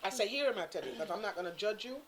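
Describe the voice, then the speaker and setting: A woman's voice: mid-range voice, rapid-fire, background noise. A woman telling a story in casual chat, acting out the voices of the people in it. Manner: animated, acts out quotes, Caribbean-inflected English. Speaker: guest storyteller.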